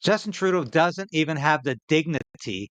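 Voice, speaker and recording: A man's voice: on the high side, expressive, moderate pace, a bit bright, dry recording. A Canadian man tears into interview clips with indignant sarcasm. His voice swings up and down as he talks. The sound is dry and close, with no room around it. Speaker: political commentary host. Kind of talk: angry political commentary over clips.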